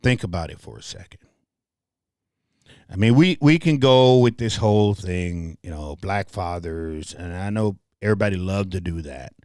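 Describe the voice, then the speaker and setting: A man's voice: low voice, lively intonation, normal speed, a little mellow, no echo. Passionate Southern man with a dry sound. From Memphis, Tennessee. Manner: passionate, repeats words, speaks to the audience directly. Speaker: host. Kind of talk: livestream commentary.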